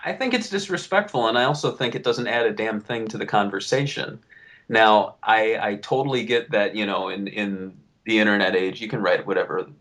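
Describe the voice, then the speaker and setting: A young man co-hosting a casual podcast, venting and riffing in an animated way, swearing freely. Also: fairly low pitch, a little fast. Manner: animated, swearing, riffs and vents. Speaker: podcast co-host.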